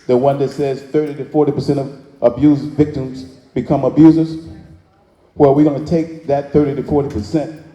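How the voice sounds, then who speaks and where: Brief: male speaker, very mellow dark tone, preacher-like call-and-response, big echoey hall. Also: medium pitch, little pitch movement, normal speed, lo-fi sound. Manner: preacherly call-and-response, drawling Southern phrasing. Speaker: motivational speaker. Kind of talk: live inspirational speech to an audience. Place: large hall with audience.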